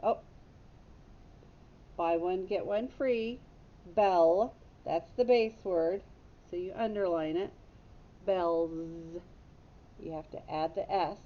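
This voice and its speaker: A female teacher gives young children a patient phonics lesson, speaking a little slowly with long pauses and stopping to fix her own slips. The audio is dull and lo-fi with a faint rumble.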